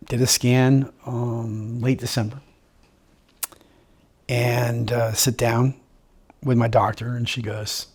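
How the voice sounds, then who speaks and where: A man speaks in an interview about his own life, his voice husky and mid-pitched. He stays upbeat and jokes as he goes, acting out the lines of the people he talks about. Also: flat delivery, slow pace, pauses often. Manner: upbeat, joking, quotes others in dialogue. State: living with terminal illness. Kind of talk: personal storytelling.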